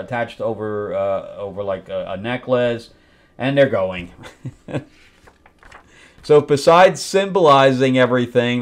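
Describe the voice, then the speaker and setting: A man hosting a comic book review show, talking bluntly and with open frustration, and mocking the characters in put-on voices as he flips through the pages. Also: medium pitch. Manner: blunt, exasperated critique with mocking acted-out quotes. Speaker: host.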